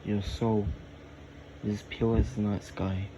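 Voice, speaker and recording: Brief: a man playing an ancient lonely dragon, calm yet menacing, low flat delivery, loud air-conditioner hum behind. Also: takes it slowly. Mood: solemn.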